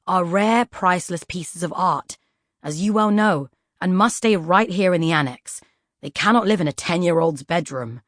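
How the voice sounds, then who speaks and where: A woman voicing a kind, bookish father who speaks in a wry, gently teasing way. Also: lowish voice, normal speed, no room sound, studio quality, close to an everyday voice. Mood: amused.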